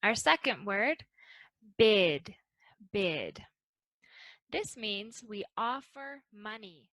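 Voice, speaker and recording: Woman english teacher, bright voice, dry close sound, talks real slow and careful. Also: a little high, dry recording, low-quality recording. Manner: slow, careful, modeling intonation. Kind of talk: pronunciation lesson.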